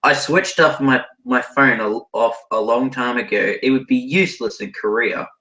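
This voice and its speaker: A young man with an Australian accent reads a fan story aloud, tripping over words and breaking off to groan at what he's reading. His voice is bright and sharp, and the room around him is echoey. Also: mid-range voice, normal speed. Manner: stumbling over words, breaking into laughter and horrified asides. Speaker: podcast co-host reading fan fiction.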